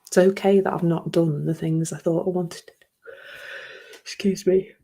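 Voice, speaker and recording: Soft-spoken, husky woman host. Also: on the low side, steady tone, moderate pace. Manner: soft, emotional, laughs often, drops into whispers. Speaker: podcast host. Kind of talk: reflective solo talk.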